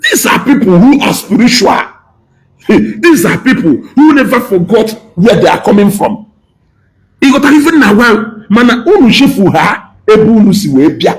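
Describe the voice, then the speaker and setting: A man's voice: sits high, big pitch swings, moderate pace, rough recording. A man with a Nigerian Igbo accent giving an impassioned, scolding lecture, switching between Igbo and English and repeating his points for emphasis. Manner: preachy, scolding, emphatic repetition. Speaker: speaker addressing diaspora.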